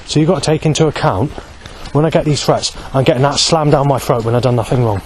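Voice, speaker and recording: With passing traffic behind him, a vlogger in his forties talks to camera outdoors by a road beneath a bridge. His mid-range voice is fast with a darkish tone as he rambles in an agitated, aggrieved way, circling back and restarting. The audio quality is poor.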